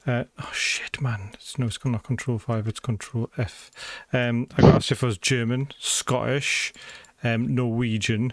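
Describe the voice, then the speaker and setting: A man's voice: mid-range voice, steady tone, unhurried, no echo. A man from England, chatting in a laid-back way as streamer and co-commentator. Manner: chatty, laid-back, muttering while typing. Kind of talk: casual live stream chat.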